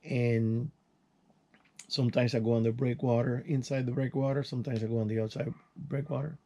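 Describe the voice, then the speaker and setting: An older channel host with a mellow voice rambles through stories in a casual vlog as he works, speaking briskly in a steady tone. His folksy telling is full of restarts and sound words like "boom."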